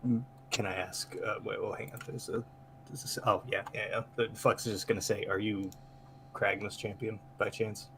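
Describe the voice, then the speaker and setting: A man's voice: fairly low pitch, fairly even intonation, fairly quick, gravelly, background noise. A man playing in a tabletop game who speaks for his character, rambling with many fillers. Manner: rambling, full of fillers and restarts. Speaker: player voicing his character. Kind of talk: tabletop role-play, in and out of character.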